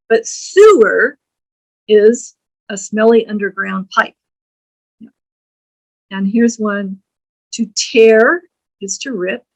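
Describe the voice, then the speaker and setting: A woman with a medium-pitched voice gives a recorded English grammar lecture, deliberately explaining words and spelling them out letter by letter. The recording quality is rough.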